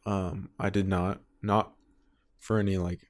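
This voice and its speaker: Wry young man with a low voice. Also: little pitch movement, a little slow. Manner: wry, joking asides, profane. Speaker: podcast co-host. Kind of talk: casual podcast chat.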